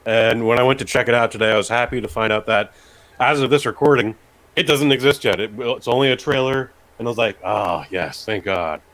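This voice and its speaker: A man's voice: mid-range voice, fairly even intonation, quick pace, a bit bright. Laid-back male podcast co-host. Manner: laid-back, frequent backchannel and laughs. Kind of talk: casual chat.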